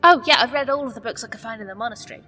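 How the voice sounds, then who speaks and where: Bright, hesitant woman player. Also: on the high side, very fast, breathy edge. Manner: hesitant, playful, stumbling restarts. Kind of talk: tabletop role-play, in character. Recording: long reverb, faint music behind.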